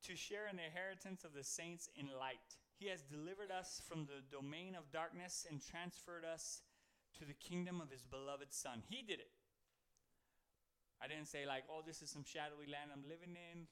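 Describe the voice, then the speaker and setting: A man's voice: on the high side, fairly even intonation, normal speed, hardly any pauses, fairly bright tone, clear, resonant tone. A man preaching an informal sermon to a congregation, talking in a conversational way, joking, and reading scripture aloud. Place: church service with people present.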